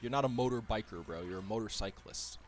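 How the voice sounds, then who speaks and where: A man's voice: on the low side, fast, faint music behind. A man streaming a racing game, chatting casually and joking with viewers. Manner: animated, laughs often, jokey chatter with viewers. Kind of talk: casual gaming stream chat.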